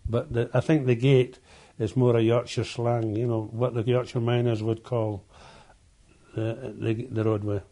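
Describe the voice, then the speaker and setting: An older man, a former coal miner, reminiscing in an oral history interview, halting and often repeating words as he tells his stories. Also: medium pitch, little pitch movement, mellow.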